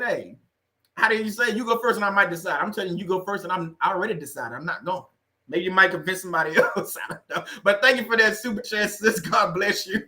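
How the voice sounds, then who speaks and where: A man with a high, very bright voice hosts a faith-based livestream. He talks casually and jokes with his viewers in an animated way, often laughing at his own stories. His delivery is lively and tense at the top. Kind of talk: casual humorous chat with viewers.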